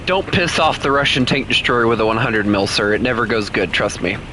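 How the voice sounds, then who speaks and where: A man's voice: medium pitch, fairly quick. A man casually commenting on his own gameplay while streaming, chatty and laughing often as he talks to himself. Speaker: gaming streamer. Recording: noisy game audio underneath.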